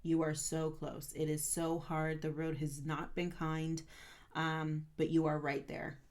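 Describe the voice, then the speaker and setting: A woman's voice: deep voice, little pitch movement, a little slow, a little mellow. A woman giving an earnest, encouraging tarot reading, often checking in with "right?" and getting a little stern as she urges the listener on. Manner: gets stern and amped up. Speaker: tarot reader.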